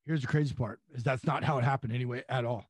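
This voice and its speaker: A young adult man, a pro wrestler guest, telling a long anecdote with lively acted-out quotes. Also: mid-range voice, fast talker, husky, no room sound. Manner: animated, acts out quotes with voices and laughs. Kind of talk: storytelling anecdote.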